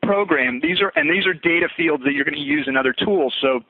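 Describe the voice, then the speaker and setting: A man's voice: on the high side, fairly quick, no room sound. A man walking trainees through a sales script in a conversational training session, often repeating words as he restarts. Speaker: fitness business coach. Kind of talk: recorded sales training walkthrough. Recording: tinny phone-like audio.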